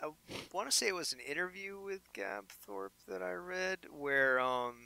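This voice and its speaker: A male podcast co-host in casual chat, making dry, wry asides. His voice is very bright and crisp, and it sounds close and dry, with no room around it. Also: high-pitched, animated, normal speed, dry recording.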